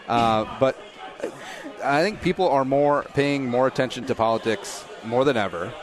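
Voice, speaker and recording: A middle-aged man hosting a podcast, chatting casually and cracking quick jokes. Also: mid-range voice. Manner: joking, quick asides. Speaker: podcast host. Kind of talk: casual chat.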